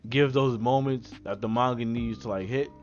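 Casual male podcast co-host, excitable and slangy, middle pitch, dull lo-fi audio. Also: normal speed, faint music behind. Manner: excited slangy recapping, acts out quotes. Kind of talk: casual chat.

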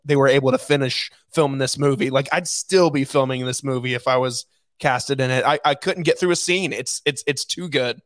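A man's voice: a little high, no echo. A man co-hosting a podcast, talking casually and enthusiastically about a favorite comedy. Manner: relaxed, enthusiastic, with laughs. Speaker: podcast co-host. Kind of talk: casual movie review chat.

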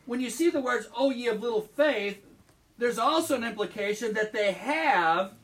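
Male pastor, conversational sermon in a church, high voice, mic set back. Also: lively intonation, normal speed, a bit bright, recorded from a distance. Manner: conversational, asks the congregation questions. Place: church sanctuary.

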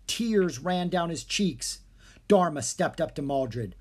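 A narrator reading a children's fantasy book aloud, clear and expressive. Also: mid-range voice, takes it slowly. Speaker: audiobook narrator. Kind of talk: scripted storybook narration.

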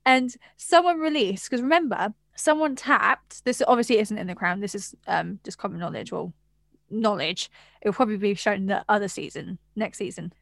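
A woman co-hosting a casual chat podcast from England, an animated storyteller who swears and laughs a lot. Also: mid-range voice, normal speed, gravelly, dry recording, studio quality. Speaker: podcast co-host.

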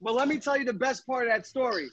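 A man's voice: extremely high pitch, quick pace, fairly bright tone, muffled recording. A man co-hosting a casual podcast chat, telling stories with animation, cutting in and swearing. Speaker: podcast co-host.

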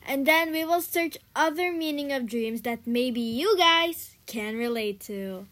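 A woman's voice: sits high, lively intonation, unhurried, fairly bright tone. A young woman co-hosting a casual podcast, telling a story with lots of "and then, um" and giggles. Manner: rambling, full of "and then, um", giggly. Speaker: podcast co-host.

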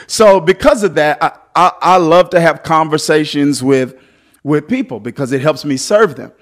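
A man preaching a sermon as pastor, swinging between loud, lively exhortation and softer storytelling. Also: a little high, moderate pace.

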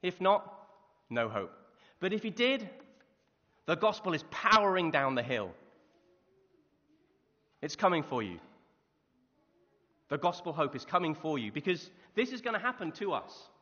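Animated preacher in a hall. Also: male voice, fairly high pitch, measured pace, long pauses. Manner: lively storytelling with rhetorical questions. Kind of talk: sermon. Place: church hall. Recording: muffled reverberant hall recording.

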